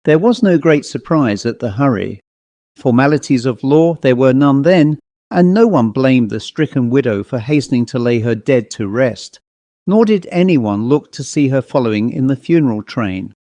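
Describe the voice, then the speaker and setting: A man reading a classic ghost story aloud in a measured, even narration. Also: medium pitch, no echo. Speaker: audiobook narrator.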